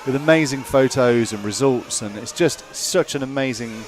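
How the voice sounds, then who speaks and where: A man co-commentating a live race, relaxed and bantering with his partner. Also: mid-range voice, moderate pace, slight background noise.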